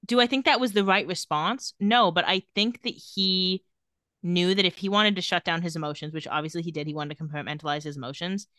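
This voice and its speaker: A woman's voice: on the low side, a little fast, dry recording, studio quality. A woman co-hosting a podcast, casually recapping a TV episode and acting out the characters' lines. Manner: animated retelling, acting out quoted lines. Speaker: podcast co-host.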